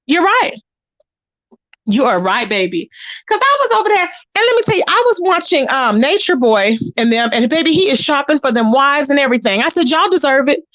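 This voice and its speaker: A woman's voice: a little high, a bit bright, no room sound. A woman hosting a casual livestream, reading chat comments and gossiping straight to her viewers. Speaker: channel host.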